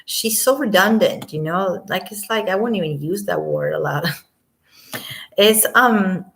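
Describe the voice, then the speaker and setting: A woman giving casual commentary on an audio clip, rambling and sometimes dropping to a quiet near-whisper. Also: fairly low pitch, slow pace, creaky.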